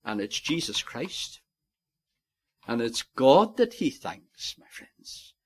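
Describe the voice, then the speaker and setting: A male preacher delivering a sermon at an unhurried, deliberate pace. His voice sits at an ordinary pitch and swells to emphatic peaks on key phrases before dropping back. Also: very animated, slightly rough. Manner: slow, earnest preaching that builds to emphatic peaks.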